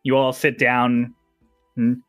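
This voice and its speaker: A man's voice: mid-range voice, monotone, slow pace, fairly bright tone, clear, resonant tone, dry recording, clean studio sound, faint music behind. A man narrating as game master in a casual tabletop session, laughing often and swearing freely.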